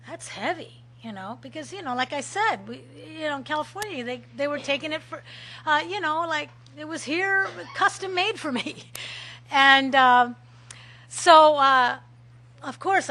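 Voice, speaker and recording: A middle-aged woman telling a lively personal story at a recovery meeting, laughing often and acting out shouts. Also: sits high, a little hiss or hum. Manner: animated, laughing, acts out shouted quotes.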